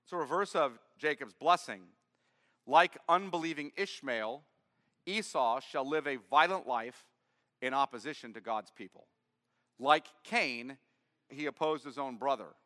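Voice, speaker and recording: A man's voice: medium pitch, a little slow, sharp tone, in a large hall. A man preaching a sermon, reading scripture aloud and then explaining it in plain words. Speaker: pastor. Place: church.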